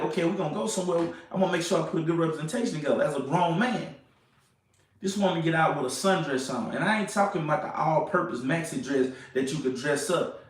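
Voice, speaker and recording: A young man telling a date story in a casual, animated way, repeating phrases and asking "you know what I'm saying". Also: fairly high pitch, far from the mic. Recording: echoey room, off-mic.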